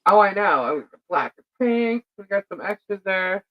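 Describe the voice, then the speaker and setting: A woman's voice: medium pitch, expressive, moderate pace, lo-fi sound. A woman co-hosting a live stream, telling a rambling story in casual chat, laughing often and filling with "uh" and "like".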